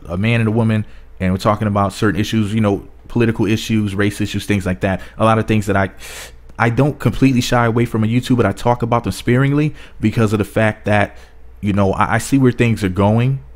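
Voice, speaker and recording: A man talking bluntly to camera in a casual commentary vlog, rambling with many restarts. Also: on the low side. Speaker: YouTube commentator.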